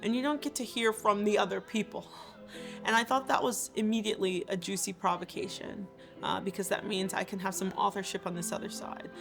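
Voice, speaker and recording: A woman's voice: mid-range voice, steady tone, brisk, vocal fry, over music. A woman composer and theater maker talking about her work in a thoughtful, earnest way. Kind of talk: reflective interview talk.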